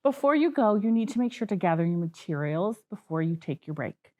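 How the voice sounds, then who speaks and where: Woman kindergarten teacher, bouncy lively intonation, clear instructions to young kids. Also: mid-range voice, a little fast. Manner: sing-song, encouraging teacher talk. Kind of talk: classroom broadcast wrap-up.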